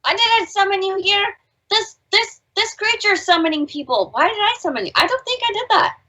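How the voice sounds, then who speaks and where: Woman game player, high voice, bright, very animated. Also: a little fast, low-quality recording. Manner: laughing, animated in-character banter. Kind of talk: casual play on a live stream.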